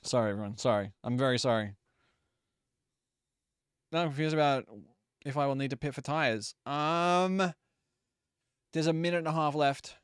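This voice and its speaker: Smooth dry-voiced young male streamer. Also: fairly high pitch, normal speed, pauses often, dry recording. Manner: chatty, swears freely, apologetic about audio trouble. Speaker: live game streamer. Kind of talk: casual live gameplay commentary.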